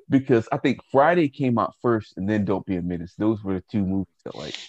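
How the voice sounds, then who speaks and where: A man's voice: on the low side, lively intonation, a little fast, a little mellow, no echo, highs cut off. A man co-hosting a podcast in casual chat who laughs constantly and quotes movie lines. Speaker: podcast co-host.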